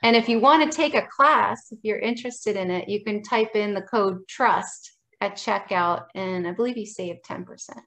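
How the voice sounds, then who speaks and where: A woman guest calmly explaining her healing practice in a casual interview. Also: mid-range voice, moderate pace, hardly any pauses, low-quality recording.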